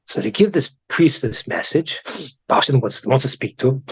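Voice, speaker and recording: A man, a rabbi teaching a class, telling stories in an animated way and often repeating words as he restarts. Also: mid-range voice, moderate pace, breathy edge. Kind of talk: storytelling lesson. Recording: dull lo-fi recording.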